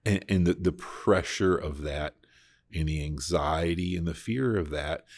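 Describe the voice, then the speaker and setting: A man's voice: deep voice, measured pace. A man hosting a casual Bible discussion podcast, talking earnestly and reflectively, often restarting his sentences. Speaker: podcast host.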